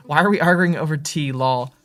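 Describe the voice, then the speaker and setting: A man's voice: a little high, moderate pace, fairly bright tone, no room sound, faint music behind. A man co-hosting a game livestream, chatting casually, rambling off topic and laughing often. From United States. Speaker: livestream co-host. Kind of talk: casual gaming stream chat.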